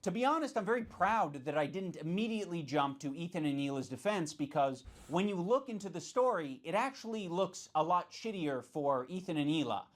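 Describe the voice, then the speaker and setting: A man's voice: on the high side, expressive, fairly quick, few pauses. A man in a commentary video, speaking in an accusatory, sarcastic way.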